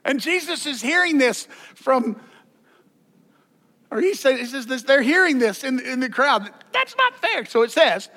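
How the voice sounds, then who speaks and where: A man's voice: extremely high pitch, animated, a little slow, long pauses, pushed and bright. A man preaching a sermon as pastor, conversational, with joking asides and repeated words.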